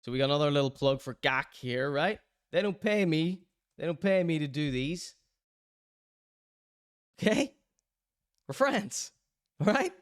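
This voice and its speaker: Joking man, smooth dry voice. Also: a little high, lively intonation, a little slow, pauses often, dry recording. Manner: joking, self-mocking, rambling asides. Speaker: show host. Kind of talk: casual merch plug on his own online show.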